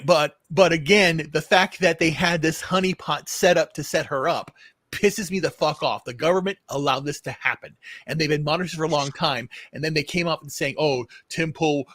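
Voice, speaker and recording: A man's voice: fairly high pitch, a little fast, a bit bright, dry recording. A man hosting a casual political chat show, rambling with frequent restarts and repeated words, and swearing now and then. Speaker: show host.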